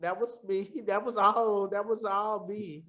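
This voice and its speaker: A man's voice: sits high, steady tone, measured pace, lo-fi sound. A man as a musician guest on a podcast, talking candidly and reflectively in a casual interview, often restarting his sentences.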